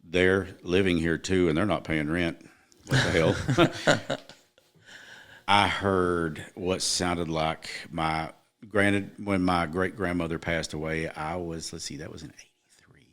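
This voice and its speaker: A man's voice: sits low, fairly even intonation, takes it slowly, fairly bright tone. A middle-aged man, a podcast guest, earnestly telling a personal story in casual chat, with emphatic moments.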